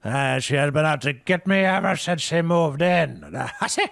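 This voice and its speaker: A man's voice: fairly high pitch, normal speed, creaky, fairly bright tone, no echo, studio quality, pitched above the performer's own voice. A man voicing a paranoid male tavern brewer who screams and rants about a rival. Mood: ranting. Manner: screaming, ranting, frantic.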